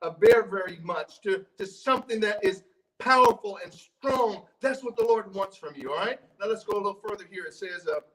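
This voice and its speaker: A man's voice: high voice, a little fast, a bit bright, recorded from a distance, poor audio. A man preaching a sermon in a church, talking conversationally, repeating and restarting his words, and asking the congregation questions. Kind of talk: sermon with scripture reading.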